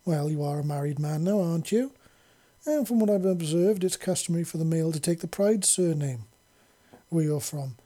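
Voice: mid-range voice, dark tone, lightly acted. A narrator doing a commanding, teasing alien chief. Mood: commanding, amused. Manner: brisk, dryly teasing orders. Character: gruff commanding male alien leader.

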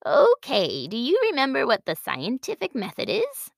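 A woman voicing a kindly older woman neighbor in a storybook, gentle and welcoming. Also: fairly high pitch, wildly swooping pitch, normal speed, gravelly, no echo, studio quality, heavily acted. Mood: teacherly.

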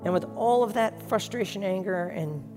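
A man's voice: high-pitched, moderate pace, big-room sound, music in the background. A man preaching a sermon as pastor, telling stories in an earnest, emotional way.

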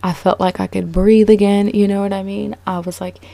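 A young woman telling a personal story in a casual, animated way, full of "like" and sudden high-pitched outbursts. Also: brisk, vocal fry, few pauses, no room sound. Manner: animated, frequent "like", voice jumps high when excited.

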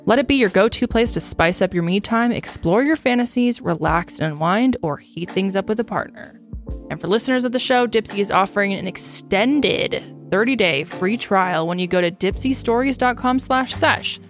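An excitable woman co-hosting a podcast, upbeat and loose with her swearing. Faint music plays underneath her. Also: medium pitch, moderate pace. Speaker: podcast co-host. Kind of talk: ad read and casual chat.

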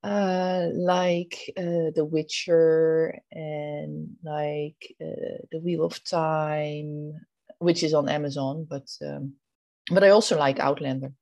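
A woman's voice: low-pitched, fairly even intonation, slow, gravelly, dark tone, no echo, lo-fi sound. A woman from the Netherlands co-hosting a podcast, easygoing and giggly in casual chat. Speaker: podcast co-host.

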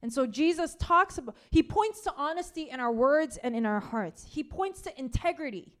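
A woman preacher keeps her sermon casual and conversational, peppering it with "like" and "right?" and repeating key phrases to stress them. She has a high-pitched, animated voice and a moderate pace.

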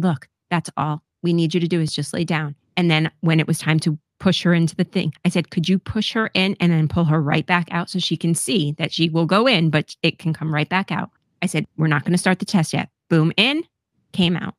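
A woman's voice: low voice, no echo, clean studio sound. A middle-aged woman telling a personal story on a podcast in a candid, casual way, swearing freely and laughing often. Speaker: podcast co-host.

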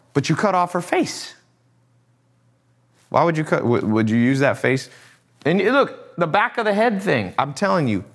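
A man hosts a loose livestream, coaching viewers in a blunt and animated way. He talks at a middle pitch, swears now and then, and laughs at his own jokes. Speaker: livestream host, e-commerce coach. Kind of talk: casual livestream talk.

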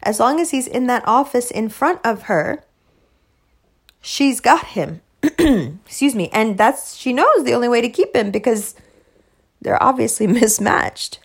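A woman's voice: on the high side, expressive, unhurried, slightly rough. A woman hosting a podcast in a casual, rambling monologue, blunt and emphatic, swearing heavily. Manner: loose, rambling asides. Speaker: podcast host.

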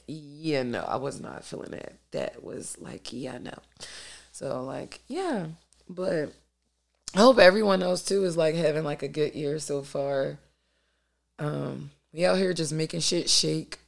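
Low, gravelly woman hosting a podcast. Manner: loud and boisterous, candid, profane, filler-heavy. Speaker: podcast host. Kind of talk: casual solo podcast monologue. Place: at home at her dining room table.

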